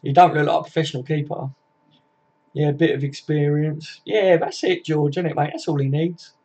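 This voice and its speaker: A man's voice: a little high, fairly even intonation, moderate pace, a little mellow, breathy edge. A man, hosting a casual live stream and reading out viewer comments in a chatty, matey way, swearing freely. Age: 40s. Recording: dull lo-fi stream audio.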